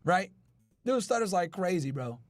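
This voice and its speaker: A man's voice: sits high, sing-song, normal speed, no echo, studio quality, faint music behind. A male podcast host in casual chat with his live chat, brash and profane. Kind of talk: casual chat reacting to news.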